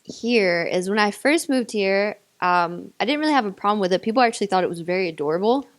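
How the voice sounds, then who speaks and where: A woman's voice: mid-range voice, lively intonation, quick pace. Giggly young woman with a faint Southern lilt. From North Carolina, US. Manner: bubbly, giggly, many likes and ums. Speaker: actress, interview guest. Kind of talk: casual interview chat.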